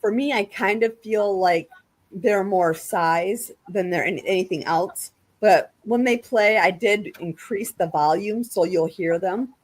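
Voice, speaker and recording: A woman hosts a casual panel chat over a video call, with a voice of ordinary middle pitch. She explains at length and often restarts her sentences. Her tone stays conversational throughout. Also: measured pace. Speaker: podcast host.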